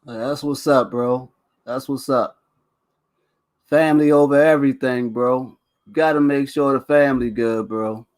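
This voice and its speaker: A man's voice: medium pitch, fairly even intonation, unhurried. A man hosting a casual chat show, boastful and playful, laughing often and repeating his catchphrases. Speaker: show host.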